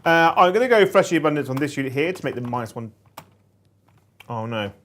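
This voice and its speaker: A man's voice: fairly high pitch, expressive, quick pace, fairly bright tone, slight background noise. A man playing a tabletop wargame, chatting casually and trailing off mid-sentence. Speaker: wargame player.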